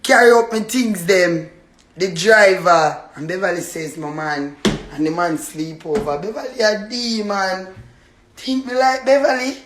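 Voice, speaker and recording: A woman's voice: mid-range voice, a little slow. A woman with a Jamaican accent trades insults with her landlord in a real-life row. She curses in thick patois and taunts with laughter between her jabs. A faint noise runs underneath her voice. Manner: loud cursing patois, taunting with bursts of laughter. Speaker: tenant in a dispute. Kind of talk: heated real-life argument.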